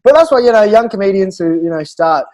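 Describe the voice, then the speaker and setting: Australian man, comedian guest, high voice, animated rambling stories, casual chat. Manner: animated, fast anecdotes with laughs and restarts. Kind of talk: casual storytelling.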